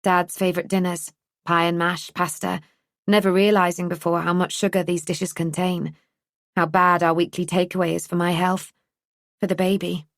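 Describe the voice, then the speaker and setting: Dry, measured woman narrator. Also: lowish voice, little pitch movement, vocal fry, no room sound. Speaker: audiobook narrator. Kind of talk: scripted narration.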